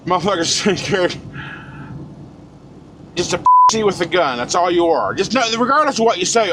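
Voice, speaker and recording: A blunt man in his forties rants in a high-pitched voice, swearing freely and talking straight at the camera. Loud road noise from the moving truck cab runs under everything he says. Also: lively intonation, moderate pace, pauses often. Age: 40s. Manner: blunt, profane, fired-up. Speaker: truck driver vlogger. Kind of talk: casual ranting monologue.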